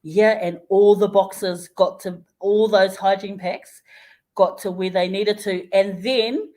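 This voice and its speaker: A woman with a New Zealand English accent, a guest in a casual radio interview, telling a story lively and acting out the people she quotes. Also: medium pitch, slow. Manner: lively storyteller who acts out quoted voices, often laughing. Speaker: interview guest, community health worker.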